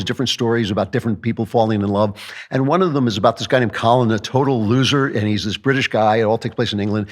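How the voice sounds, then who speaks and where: Male host, wry and sarcastic, monologue delivery. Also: medium pitch. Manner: sarcastic, joking asides. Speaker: podcast host. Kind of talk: comedic political monologue.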